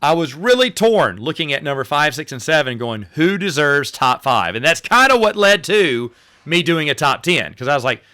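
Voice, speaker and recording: A man's voice: a little high, big pitch swings, normal speed, bright, forceful tone. A middle-aged man chatting casually about his favorite films, rambling and repeating himself and acting out lines he quotes. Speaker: host ranking movies. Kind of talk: casual solo movie talk.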